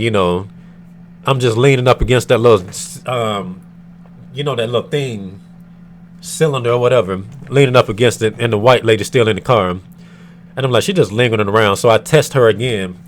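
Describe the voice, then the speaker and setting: A man from the United States vents to his camera in a storytime rant. He talks in an irritated and profane way, rambling and full of fillers. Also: mid-range voice. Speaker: vlogger.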